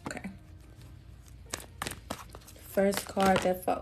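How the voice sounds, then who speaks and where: A woman's voice: medium pitch, moderate pace, background noise. A woman giving a casual live-stream tarot reading, chatty and laughing often, calling listeners love and queen. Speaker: tarot reader.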